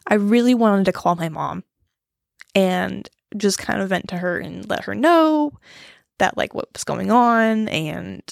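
Gravelly-voiced woman in a confessional vlog. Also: mid-range voice, lively intonation, measured pace, dry recording, clean studio sound. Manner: rambling, self-deprecating, with nervous laughs and many fillers. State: choked up, close to tears. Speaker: vlogger talking about grief. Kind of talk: casual confessional chat.

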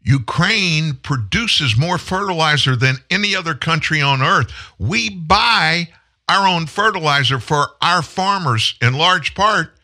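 A man's voice: fairly high pitch, lively intonation, measured pace, sharp tone. A male host giving political commentary, indignant and full of rhetorical questions.

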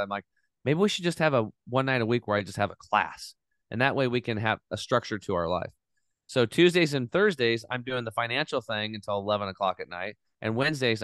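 A middle-aged man telling his story in a casual, animated way as a podcast guest, swearing now and then. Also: fairly low pitch, clean tone, dry recording, studio quality.

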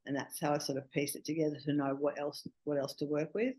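Chatty woman, lowish voice. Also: fast talker, hardly any pauses, rough recording. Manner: chatty, animated storyteller with frequent "you know". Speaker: intimacy coach guest. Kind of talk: casual storytelling interview.

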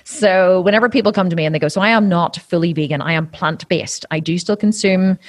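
A woman chatting as a podcast guest, blunt and animated, swearing freely and acting out what other people say. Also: on the low side, a little fast, no echo, clean studio sound. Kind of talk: casual interview chat.

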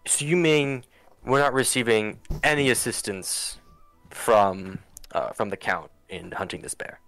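A man's voice: lowish voice, unhurried, a bit bright, dry recording, soft background music. A man voicing a frustrated, blunt townsman in a tabletop game. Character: frustrated average-build townsman, blunt and swearing.

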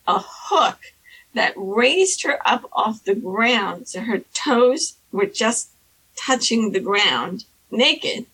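Woman storyteller, casual chat, bright and husky tone, lively pitch. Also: rough recording. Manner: animated, acts out quoted people in high squeaky voices. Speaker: storyteller guest. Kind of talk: casual anecdote telling.

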